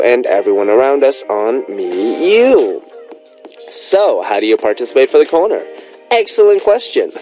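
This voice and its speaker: Playful male radio DJ with lively delivery. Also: mid-range voice. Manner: playful, teasing, chatty. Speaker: radio DJ host. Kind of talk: radio show hosting, reading listener messages.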